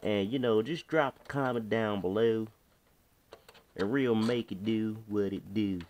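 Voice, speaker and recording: A man's voice: on the low side, measured pace, darkish tone, slight background noise. A man casually talking through a hands-on repair tutorial, slangy and chatty, talking to himself as he works. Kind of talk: casual how-to narration while working.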